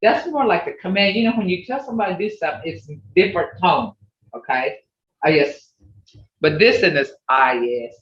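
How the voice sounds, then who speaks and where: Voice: medium pitch, lively intonation, brisk, fairly bright tone, slight background noise. A language teacher leading an online class, patiently repeating example phrases over and over. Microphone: video call. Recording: echoey, dull video-call audio.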